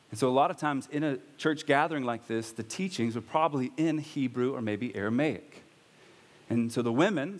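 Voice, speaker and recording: A man preaching a sermon as pastor, talking in a conversational way with bursts of raised emphasis. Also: medium pitch. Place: church hall. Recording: long reverb of a church hall.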